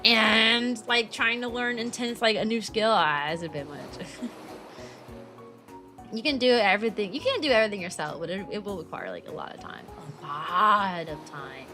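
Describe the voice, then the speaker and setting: A woman's voice: mid-range voice, moderate pace, sharp tone, soft background music. A young adult woman streaming as a VTuber, chatting casually with viewers, filling her talk with "like" and laughing often.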